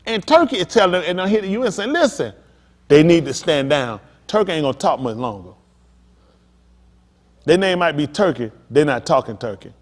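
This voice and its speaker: A man's voice: high-pitched, expressive, a little fast. A male pastor preaching a sermon, talking straight to the congregation with emphatic, pressing questions. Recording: long hall reverb.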